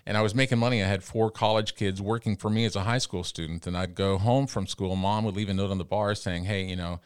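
A middle-aged radio broadcaster from the Amarillo, Texas area in the panhandle, appearing as an interview guest, tells animated anecdotes fast in a low voice, acting out other people's dialogue and often restarting phrases. His tone is clean, recorded close on a dry studio mic with no room sound.

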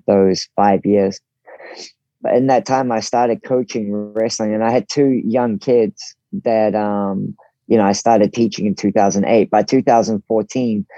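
A relaxed man with a New Zealand accent, chatting as a podcast guest. His voice sits low and mellow, recorded close and dry. The sound is a little dull and lo-fi. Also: dry recording. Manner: relaxed, easygoing, voices others' quotes in his telling. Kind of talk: casual storytelling interview.

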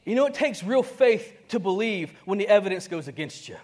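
A man preaching a sermon to a congregation, conversational and animated. He acts out dialogue, with sudden swings between soft and loud, and chuckles often. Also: sits high, fairly quick, hardly any pauses. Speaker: pastor.

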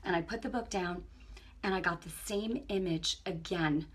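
A woman giving an impassioned spiritual testimony on her own broadcast, telling stories in an animated way that swings between hushed and loud. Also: fairly low pitch, normal speed, slightly rough. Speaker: online ministry broadcaster.

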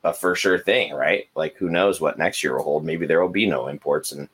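Low-voiced guy with a husky rasp, laid-back podcast chat, thinks out loud. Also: normal speed. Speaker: podcast co-host, snake seller. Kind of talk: casual chat.

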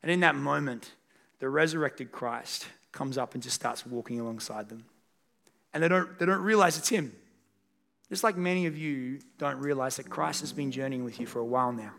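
A man's voice: medium pitch, normal speed, creaky, fairly bright tone. A man preaching a sermon as pastor, speaking earnestly and directly to his congregation in a church service. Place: church service in a large room.

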